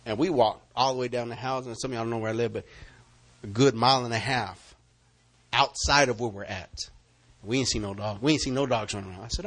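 A man preaching and telling a story to his congregation in an animated way, acting out loud calls. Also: medium pitch, fairly quick. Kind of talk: storytelling sermon.

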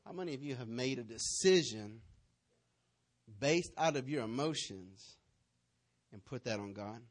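A man's voice: medium pitch, lively intonation, a little slow. A man preaching a sermon as pastor, telling stories, acting out the voices in them, and putting questions to the congregation. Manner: storytelling, acts out voices and scenes.

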